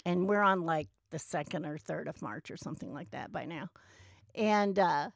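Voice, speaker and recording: A woman's voice: low voice, normal speed, gravelly, no echo, studio quality. A woman casually telling a personal story, acting out the voices of people she quotes. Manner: animated, acts out quoted dialogue.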